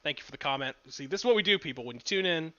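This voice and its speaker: A man's voice: a little high, animated, rapid-fire, bright, forceful tone, dry recording, dull audio. A young man co-hosting a podcast, chatting casually, laughing often and reading out viewer comments. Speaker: podcast co-host. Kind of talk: casual chat.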